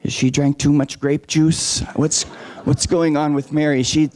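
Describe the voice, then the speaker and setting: A man voicing a frightened group of male followers in a storybook retelling, low and worried. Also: little pitch movement, unhurried, darkish tone, close to an everyday voice. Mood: puzzled.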